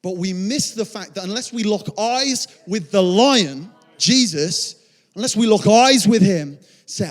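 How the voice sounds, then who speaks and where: A man's voice: high-pitched, expressive, unhurried. A male pastor giving a passionate, conversational sermon, often restarting his phrases. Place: church auditorium. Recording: reverberant church hall.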